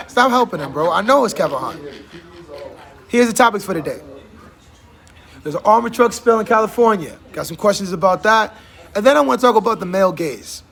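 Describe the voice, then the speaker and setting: A man's voice: high-pitched, vocal fry, fairly bright tone. A man hosting a casual talk show in a barbershop, teasing his guests and laughing often. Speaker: host. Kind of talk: casual chat.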